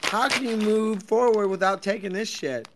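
A young man hosting a crypto talk stream, rambling and swearing in loud, jumpy, sarcastic banter from an office at night. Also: high-pitched, moderate pace. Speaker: crypto space host.

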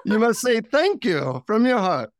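Man doing a calm older Indian guru, Indian accent, higher voice, slow solemn delivery, dry sound. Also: no echo. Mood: insistent.

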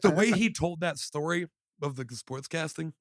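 A man's voice: a little high, lively intonation, moderate pace, dry recording, clean studio sound. Man joking around on a podcast. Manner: joking, rambling, puts on voices. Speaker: podcast co-host. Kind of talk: casual podcast banter.

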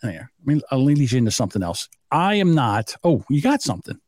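A man's voice: medium pitch, very animated, fast, darkish tone, no room sound, clean studio sound. A man co-hosting a podcast in casual, teasing banter, rambling and laughing at his own jokes. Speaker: podcast co-host.

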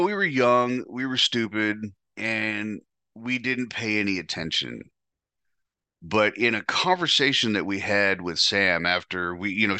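A man's voice: low-pitched, pushed and bright, dry recording. A man hosting a podcast, telling a candid personal story in a blunt, profane, confessional way. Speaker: podcast host.

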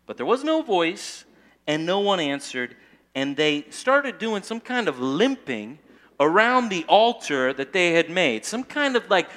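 A male pastor giving an animated, conversational sermon, often tagging his points with "okay?". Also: a little high.

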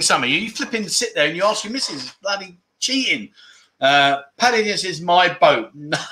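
A man's voice: fairly high pitch, bright, forceful tone. A man hosting a casual livestream, reading viewer comments aloud and joking with the chat, laughing often. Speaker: livestream host. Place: room at home with aircon.

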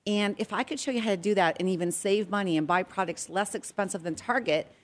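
A middle-aged woman from Canada, chatting as a guest with upbeat, persuasive energy. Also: quick pace. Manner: upbeat, sales-pitch energy. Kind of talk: casual chat.

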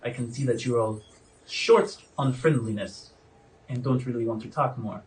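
A man's voice: medium pitch, normal speed, distant mic, lightly acted, rough recording. A man voicing a stern dwarf warden woman. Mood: menacing. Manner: suspicious, coolly menacing, falsely sweet. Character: stern female dwarf prison warden with a limp.

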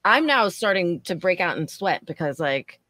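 A woman's voice: normal speed, no echo. A woman podcast host chatting casually, telling a story from her bartending shift and acting out the people in it. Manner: animated, acts out quoted people in higher voices.

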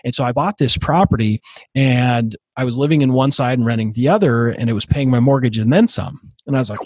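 Husky man telling his story. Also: medium pitch, animated, dry recording. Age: 30s. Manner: halting, many fillers and restarts. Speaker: podcast guest. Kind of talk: casual interview storytelling.

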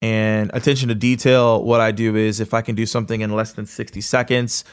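Energetic fast-talking man hosting a podcast. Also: on the low side, clear, resonant tone. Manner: energetic, casual, fast-talking with many fillers. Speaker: podcast host. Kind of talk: motivational podcast monologue.

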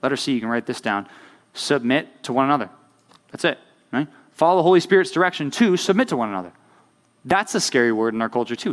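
A man's voice: mid-range voice, animated, fast. A young man preaching to a youth group in a chatty way, checking in with his listeners by asking "right?" over and over. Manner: conversational, keeps asking "right?". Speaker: youth pastor. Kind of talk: sermon.

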